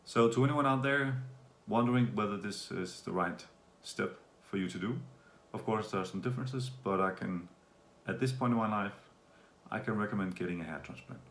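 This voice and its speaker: Recorded in an echoey space with a light hum behind him, a vlogger from Denmark chats through a casual update. He talks at normal speed with hardly any pauses, relaxed and rambling, full of fillers, in a low voice with a gravelly edge.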